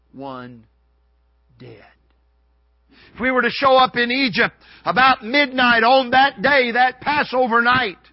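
A man preaching a sermon, moving between hushed low passages and loud, shouted dramatic ones. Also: no room sound, highs cut off.

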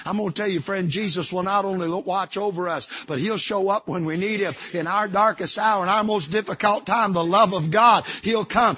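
A man preaching a sermon from a church pulpit. He swings between shouting and hushed, soft passages. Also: high voice, moderate pace, hardly any pauses, husky, muffled recording. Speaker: pastor.

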